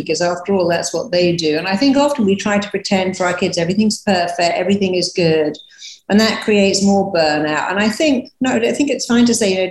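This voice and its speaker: A woman therapist, a guest on a podcast, giving reassuring advice in a relaxed, conversational way and acting out little quoted examples. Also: medium pitch, fairly quick, roomy sound, poor audio.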